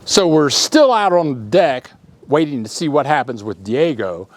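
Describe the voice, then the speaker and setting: A man telling a story to his viewers in a casual, animated way, acting out the sounds in his tale. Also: a little high, moderate pace, dry recording.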